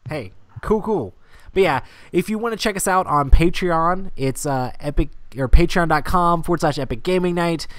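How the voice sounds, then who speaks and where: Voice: medium pitch, moderate pace, no room sound. A co-host of a gaming podcast, talking in an upbeat, grateful way. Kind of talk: casual podcast chat.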